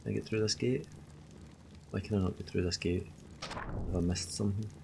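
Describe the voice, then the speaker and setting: Deep-voiced man joking through a game stream. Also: steady tone, normal speed, gravelly, background noise. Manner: joking and chatty, addressing chat. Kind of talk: casual game commentary.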